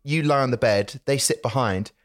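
Male guest, 30s, animated storyteller, mid-pitched voice. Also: moderate pace. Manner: animated storyteller, acts out conversations. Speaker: podcast guest. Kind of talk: casual chat.

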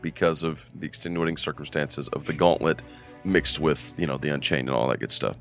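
A man's voice: rumbling low, steady tone, a little fast, a bit bright, faint music behind. A man hosting a tabletop game podcast as game master, joking and rambling while medicated for allergies. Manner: jokey, rambling, laughs a lot. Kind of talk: casual podcast chat and game recap.

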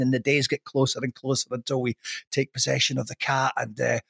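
A man's voice: medium pitch, flat delivery, fast, gravelly, a bit bright, no room sound, studio quality. A middle-aged man chatting as a podcast guest, rambling and self-deprecating, laughing often. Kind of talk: casual podcast chat.

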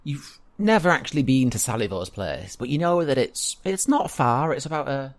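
A man's voice: medium pitch, very animated, moderate pace, no echo. Man running a tabletop game. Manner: hesitant, with many fillers and restarts. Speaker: game master.

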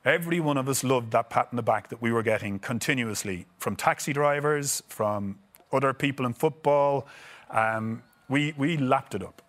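A middle-aged Irish man, a former footballer and guest, telling animated anecdotes in a casual chat with frequent chuckles. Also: medium pitch, moderate pace. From Ireland. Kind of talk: casual storytelling.

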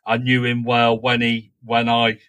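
A man conducting a conversational interview in a measured way, recounting details from match reports. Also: medium pitch, monotone, fairly bright tone.

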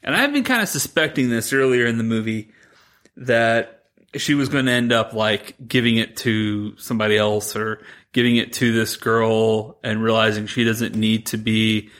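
A man co-hosting a podcast, retelling a movie plot in a rambling, animated way, quoting the characters as he goes. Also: lowish voice, moderate pace. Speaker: podcast co-host. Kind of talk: casual chat recapping a movie.

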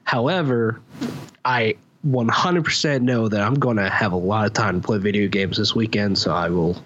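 Laid-back low-voiced man on a muffled mic. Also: normal speed, a bit bright, slight background noise. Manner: laid-back, easygoing, casual swearing. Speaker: podcast co-host. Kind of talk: casual gaming podcast chat.

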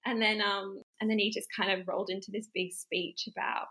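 Bubbly woman with gravelly edge. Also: medium pitch, brisk, rough recording. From Australia. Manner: animated, acts out quotes with laughter. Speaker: interview guest. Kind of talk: casual storytelling.

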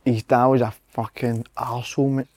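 Quick Scottish man, dry close sound. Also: mid-range voice, little pitch movement, darkish tone, dry recording. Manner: sweary, mumbled banter. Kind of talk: casual football chat.

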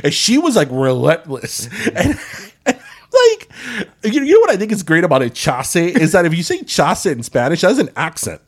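Animated man telling a story. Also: fairly high pitch, normal speed. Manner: animated storyteller, mixes Spanish phrases. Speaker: podcast co-host. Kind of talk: casual chat.

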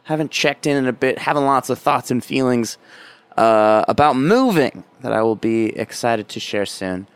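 A man's voice: mid-range voice, animated, normal speed, clear, resonant tone, no room sound. A man hosting a casual podcast, rambling and self-deprecating, swearing offhandedly. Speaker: podcast host.

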